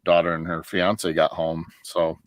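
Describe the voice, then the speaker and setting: A middle-aged man from northern Michigan talks in a low, relaxed voice, wandering through long stories. He restarts his sentences often and laughs along as he goes. The sound is dry and close, with no room behind it. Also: a little slow, dry recording. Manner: rambling storyteller, laughs often, many restarts. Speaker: livestream guest. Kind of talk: casual chat.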